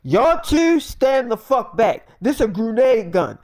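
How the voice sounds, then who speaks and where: A man voicing his bossy, boastful, gun-loving friend in a zombie survival tale, loud and profane. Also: extremely high pitch, sing-song, takes it slowly, voice pushed up, exaggerated voice.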